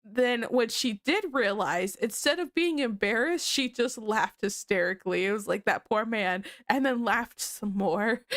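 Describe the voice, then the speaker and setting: A woman's voice: fairly high pitch, animated, measured pace, a bit bright, no room sound, clean studio sound. A young woman chatting casually on a livestream, sick with a blocked nose and sniffling, laughing often and easily. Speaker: streamer.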